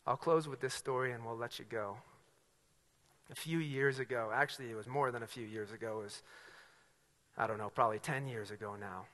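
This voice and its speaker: Bright-voiced man preaching in a reverberant hall. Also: mid-range voice, steady tone, normal speed. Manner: storytelling with acted-out dialogue, swinging from loud to hushed. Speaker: pastor. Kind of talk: sermon.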